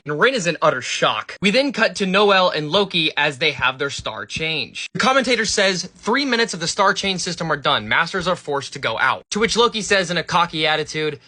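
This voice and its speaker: A man casually recapping a manga chapter, reading the characters' lines aloud and adding excitable, slangy comments. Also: fairly high pitch, brisk. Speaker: manga reviewer.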